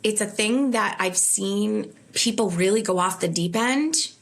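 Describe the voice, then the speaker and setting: A woman's voice: mid-range voice, unhurried, gravelly. A woman comedian being interviewed, telling candid stories in an earnest, self-deprecating way. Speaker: comedian guest. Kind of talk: conversational interview.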